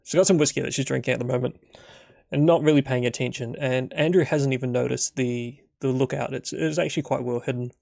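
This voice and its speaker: Gravelly-voiced guy rambling through a solo tabletop session, dry close sound. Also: medium pitch, fairly even intonation, quick pace, darkish tone, dry recording. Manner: rambling, full of fillers. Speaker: game master. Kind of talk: solo tabletop game narration.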